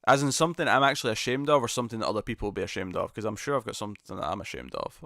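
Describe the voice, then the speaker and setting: A man hosting a live stream, chatting casually and reading viewer comments, self-deprecating and quick to laugh. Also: fairly low pitch, animated, bright, forceful tone, dry recording, clean studio sound. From United Kingdom.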